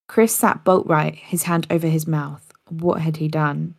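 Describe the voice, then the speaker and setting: Gravelly low-voiced woman telling a story. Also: fairly even intonation, normal speed, few pauses, no echo, studio quality. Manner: casual, occasional slips and restarts. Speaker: podcast storyteller. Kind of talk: casual story narration.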